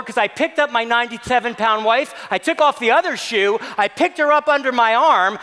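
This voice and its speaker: A man giving a keynote talk to staff, telling a comic story in an animated, playful, mock-outraged way. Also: extremely high pitch. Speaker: keynote speaker. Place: large hall. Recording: long reverb of a large hall.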